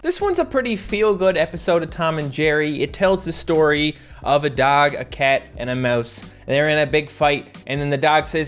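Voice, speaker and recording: A man's voice: fairly high pitch, animated, moderate pace, hardly any pauses, fairly bright tone, faint music behind. A man giving sarcastic, mocking commentary on old cartoons. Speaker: YouTube commentator.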